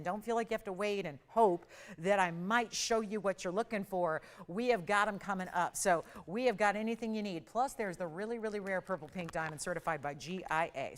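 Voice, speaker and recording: A middle-aged woman hosting a live TV jewelry sale, pitching in an upbeat, persuasive and urgent way. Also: fairly bright tone. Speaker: shopping channel host. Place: TV studio.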